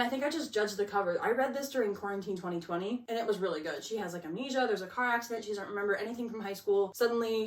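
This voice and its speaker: A woman's voice: medium pitch, far from the mic, a little hiss or hum. Chatty young woman in an echoey room. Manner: chatty, gushing, with many likes and laughs. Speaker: book vlogger. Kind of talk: casual book chat.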